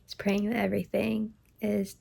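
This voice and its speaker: Holding her phone at arm's length, a nauseous, stuffy young woman gives a casual, unfiltered pregnancy vlog full of "like" and "um." Her voice is medium-pitched, gravelly and dark, fairly flat in pitch, at a moderate pace.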